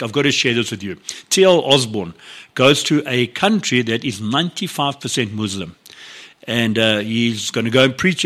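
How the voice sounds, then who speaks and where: Animated preaching man. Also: mid-range voice. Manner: animated storytelling, acts out biblical dialogue with laughs. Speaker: pastor. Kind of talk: sermon.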